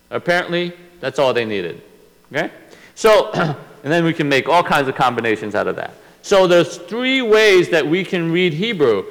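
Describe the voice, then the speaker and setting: A man teaching a Bible lesson, explaining slowly and step by step, often restarting his sentences. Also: a little high, fairly bright tone, big-room sound, low-quality recording.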